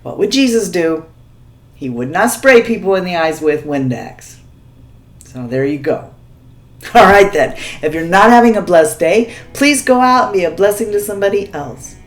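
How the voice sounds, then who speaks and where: A woman tells a story to the camera in a loose, chatty vlog style. She laughs often and keeps checking in with the listener. Her voice sits a little low for a woman. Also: lively intonation, moderate pace. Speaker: vlogger. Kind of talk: casual storytime chat.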